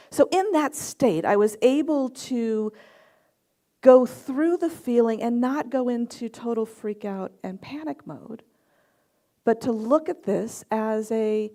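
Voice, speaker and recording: Gravelly middle-aged woman minister preaching. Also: on the high side, slow. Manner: animated storyteller acting out her own reactions. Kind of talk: sermon with personal anecdotes. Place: church service.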